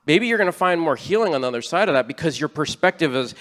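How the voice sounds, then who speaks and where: A man's voice: fairly high pitch, animated, quick pace, hardly any pauses, a bit bright, big-room sound. A man preaching a sermon as a church elder, in an earnest, conversational way with frequent restarts. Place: church sanctuary.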